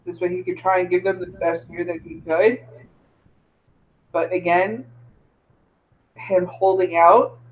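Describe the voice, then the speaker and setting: A man giving his opinion in a casual sports chat, in a measured way. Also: high voice, steady tone. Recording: dull lo-fi mic.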